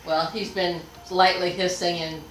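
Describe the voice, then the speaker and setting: A woman's voice: lowish voice, flat delivery, unhurried, reverberant, a little hiss or hum, low-quality recording. A woman from Ohio chiming in on a casual live chat. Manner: chatty, chiming in.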